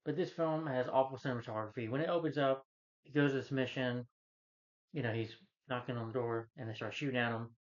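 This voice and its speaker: A man's voice: mid-range voice, fairly even intonation, brisk, dull audio. A man giving a rambling, casual movie review rant, retelling scenes and acting out the lines. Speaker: film reviewer.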